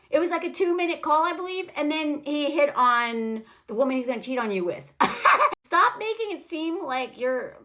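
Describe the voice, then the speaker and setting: A woman's voice: sits high, expressive, normal speed, pushed and bright. A woman giving a casual, sarcastic and mocking recap of a film, chatting straight to her viewers. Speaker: film reviewer.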